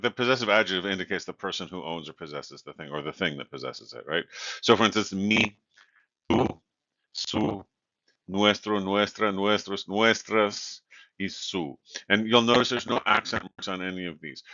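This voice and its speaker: A man's voice: deep voice, pushed and bright, no room sound. A man teaching a Spanish grammar lecture, explaining patiently with many fillers and "right?" checks. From California. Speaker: Spanish instructor. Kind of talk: recorded lecture. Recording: dull, lo-fi sound.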